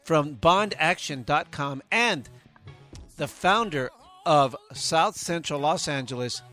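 A man's voice: fairly high pitch, animated, slow, sharp tone, soft background music. A man co-hosting a casual talk show, introducing guests in an upbeat manner. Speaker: co-host. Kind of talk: casual radio show chat.

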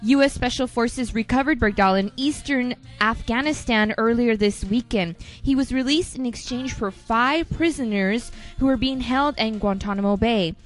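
A woman's voice: a little high, moderate pace, hardly any pauses, soft background music. A woman co-hosting a casual talk show, chatty and giggly, rambling through stories and then reading the news aloud. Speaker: co-host.

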